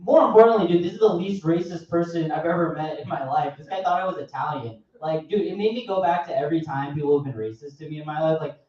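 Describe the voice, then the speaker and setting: Young male comic, casual self-mocking stand-up, mid pitch, recorded from afar with dull sound. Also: fast talker, few pauses, a little mellow. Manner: offhand, rambling, self-mocking. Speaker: stand-up comedian. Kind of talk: stand-up set. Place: comedy club stage. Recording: echoey, distant, dull live club recording.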